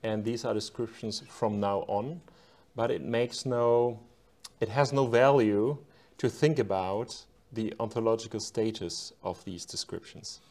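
Slow, halting academic man. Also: on the low side, a little mellow. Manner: careful, halting, searching for words. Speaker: author discussing his book. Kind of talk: academic conversation.

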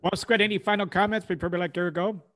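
Podcast host with a dry, close sound. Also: male voice, sits high, quick pace, no room sound. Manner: relaxed, steering the conversation. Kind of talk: casual chat.

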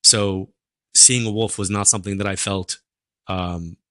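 A man, a psychic medium telling stories as a podcast guest in an animated, chatty way full of fillers. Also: low-pitched, measured pace, dry recording, studio quality. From New York. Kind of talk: casual interview storytelling.

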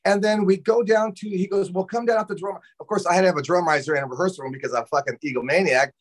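A man from Los Angeles, a drummer guest on a talk show, telling a long story in a loose, animated way, cursing often and acting out what people said. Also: high-pitched, very fast. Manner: animated, profane, acts out quotes. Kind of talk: casual storytelling interview.

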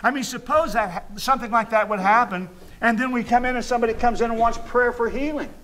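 High-voiced chatty male pastor. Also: fairly even intonation, fast talker, a bit bright. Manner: conversational, chuckling asides, reading scripture aloud. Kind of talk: informal sermon. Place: church sanctuary.

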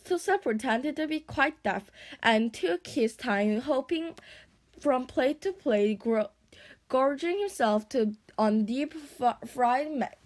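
A woman reading a children's storybook aloud, unhurried, often stumbling on a word and starting it again. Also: sits high. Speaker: audiobook reader.

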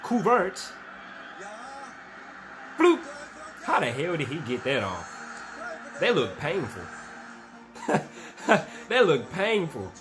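Excitable young man reacting, slangy and loud. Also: extremely slow, pauses often, over music. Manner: excitable, slangy, shouts and laughs at highlights. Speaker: reaction video host. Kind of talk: casual reaction commentary.

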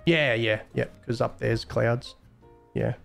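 A man's voice: mid-range voice, slow, gravelly, fairly bright tone, soft background music. A young man admin on a game live stream, casually teasing and mocking players he catches cheating.

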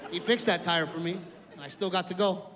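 Casting note: comedian, male, high voice, big yelled punchlines, live club with a long echo and a laughing crowd. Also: a little fast. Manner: loud animated storytelling, yells while acting out his family. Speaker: stand-up comedian. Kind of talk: stand-up comedy set. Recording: echoey club with audience and noise. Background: audience laughter.

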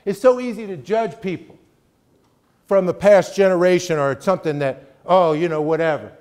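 Middle-aged male guest lecturer, slightly high voice, emphatic and chatty, keeps asking "right?". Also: moderate pace, darkish tone. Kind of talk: conversational college lecture.

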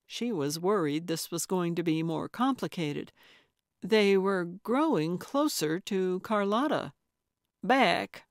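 A woman narrating a cozy mystery audiobook in a measured, even storytelling voice. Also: on the low side, dry recording. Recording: dry close studio recording.

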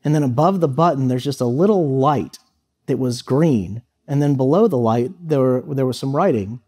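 Speaking to high school students as a guest, this thirty-something man shares a personal story casually, with plenty of fillers. He talks at a moderate pace in a medium-pitched voice that's mellow and slightly rough.

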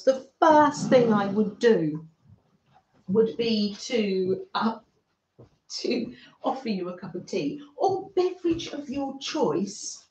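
Brief: unhurried middle-aged British woman, motherly craft streamer, roomy dull home audio. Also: fairly high pitch. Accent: British English. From Britain. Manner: soft, motherly, chatting to viewers with frequent little laughs. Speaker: craft livestream host. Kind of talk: gentle chatty livestream.

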